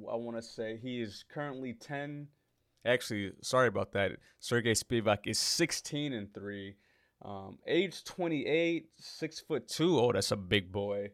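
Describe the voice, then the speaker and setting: A man's voice: lowish voice, dry recording, studio quality. A man hosting a casual fight preview, talking in a loose, joking way and often correcting himself as he rambles. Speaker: MMA podcast host.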